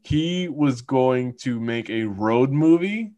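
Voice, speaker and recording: A man's voice: medium pitch, expressive, takes it slowly, mellow. A man co-hosting a casual podcast, rambling with many fillers and laughing often. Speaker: podcast co-host. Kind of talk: casual chat.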